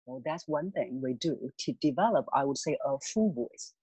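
A voice coach calmly and patiently explaining voice techniques as an interview guest. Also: medium pitch, normal speed, husky, dry recording, low-quality recording. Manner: calm, patient, instructive.

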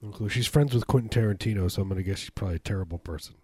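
A man co-hosting a casual comedy podcast, riffing in a deadpan way on absurd ideas. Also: on the low side, racing, husky, dry recording, studio quality. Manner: deadpan, absurd riffing with sudden funny voices. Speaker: podcast co-host.

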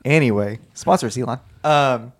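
A man's voice: mid-range voice, moderate pace. A man co-hosting a podcast in casual chat, talkative and speculative, filling his talk with "like". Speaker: podcast co-host.

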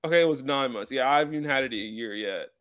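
A man's voice: mid-range voice, racing, a bit bright, clear, resonant tone. A young man co-hosting a casual podcast, telling rambling stories full of fillers. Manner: rambling, filler-heavy storytelling. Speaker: podcast co-host.

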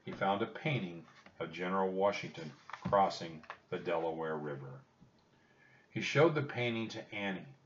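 A man narrating a children's storybook in a calm, measured reading. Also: low-pitched, distant mic, muffled recording, a little hiss or hum.

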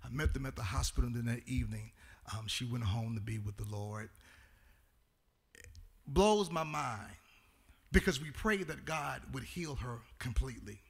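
A man's voice: mid-range voice, moderate pace, vocal fry, pauses often, slightly rough. A man pastor addressing his congregation, with many "um" fillers, swelling into a sing-song preaching cadence. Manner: frequent "um" fillers. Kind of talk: church announcements and sermon.

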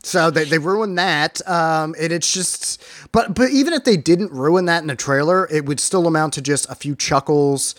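A man's voice: on the high side, moderate pace, fairly bright tone, no echo. Rambling man reviewing a movie, dry room. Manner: rambling, profane, quotes lines in put-on voices. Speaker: podcast co-host. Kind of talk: casual movie review chat.

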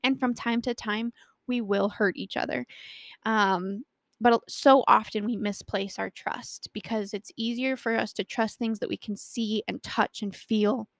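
A young woman shares a personal faith story, acting out each quote with lively energy. Her voice sits a little high and has a gravelly, creaky texture. The sound is dry and close, with no room around it. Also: measured pace, dry recording. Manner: animated storytelling with acted quotes. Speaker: Christian speaker.

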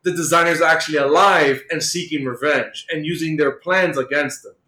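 Podcast co-host, male, higher-pitched, rambling casual retelling, roomy echo. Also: steady tone, normal speed, pushed and bright. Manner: rambling, many fillers like "like" and "uh". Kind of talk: casual chat retelling a comic plot.

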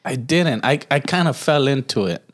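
A man's voice: medium pitch, animated, a little fast. A man co-hosting a podcast, telling a story in casual chat, laid-back and swearing freely, often laughing at himself. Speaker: podcast co-host.

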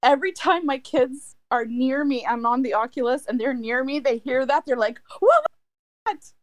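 A middle-aged woman co-hosts a casual chat in a high, bright voice, laughing often and circling back on her own sentences. Her voice is recorded dry and close, with no room around it. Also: normal speed, no echo. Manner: chatty, laughs often, trails off and restarts.

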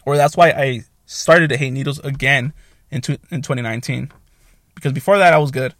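A man's voice: mid-range voice, brisk, fairly bright tone, no room sound, studio quality. A young man, a military veteran, casually telling a rambling, profane story and quoting what others said.

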